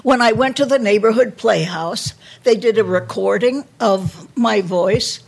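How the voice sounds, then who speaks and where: Husky-voiced older New woman. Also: mid-range voice. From New York. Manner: halting, with frequent restarts and repeated words. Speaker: guest, actress. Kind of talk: candid reminiscing interview.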